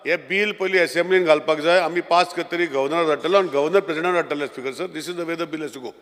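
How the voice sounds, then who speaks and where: Rapid-fire man in assembly debate. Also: on the high side, fairly bright tone. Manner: mixes Konkani and English, keeps addressing the Speaker. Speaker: minister presenting a bill. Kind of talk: legislative debate speech. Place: legislative assembly hall. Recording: long reverb in assembly chamber.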